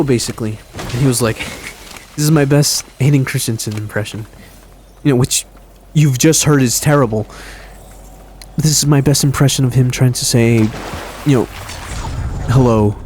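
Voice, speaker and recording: Man, mid-pitched, casual game commentary, rambling, self-mocking, noisy background. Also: a little mellow. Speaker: gaming commentator.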